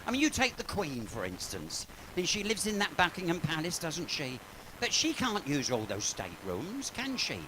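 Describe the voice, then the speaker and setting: A man's voice: fairly high pitch, huge pitch swings, moderate pace, background noise. A man doing live bawdy comic patter in a pub, camp and gossipy, and he swears freely. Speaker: cabaret comedian and singer. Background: piano accompaniment.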